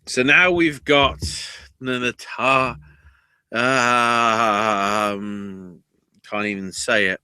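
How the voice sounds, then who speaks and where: A man hosting a podcast, recapping wrestling shows in casual chat, cursing freely and flaring up into loud outrage. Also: medium pitch, drawn-out words, clear, resonant tone, dry recording. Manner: profane, excitable, bursts into loud outrage. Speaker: podcast host.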